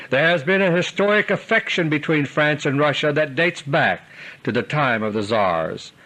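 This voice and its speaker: A man delivering a scripted political commentary monologue in an earnest, deliberate way, slowing down for emphasis. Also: on the high side, fairly bright tone, poor audio. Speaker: commentator delivering a recorded audio letter.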